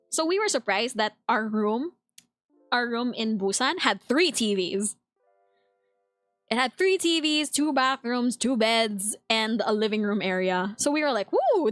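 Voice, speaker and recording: A woman's voice: a little high, a bit bright, dry recording. Giggly Filipino woman streamer. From Philippines. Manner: giggly, laughs often; reads chat aloud and answers it. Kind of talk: casual chat.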